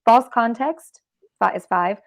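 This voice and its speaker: A woman's voice: on the high side, a little slow, creaky. A woman hosting an online talk show, reading out a numbered list of points and stumbling now and then. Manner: reads points in a list, with restarts. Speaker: host.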